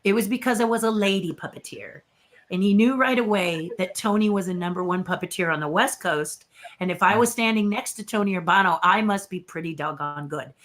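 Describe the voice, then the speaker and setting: Older woman, guest puppeteer, animated storyteller who plays out the dialogue. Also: mid-range voice, a little fast. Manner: lively storyteller who acts out quoted dialogue. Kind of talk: casual storytelling in an interview.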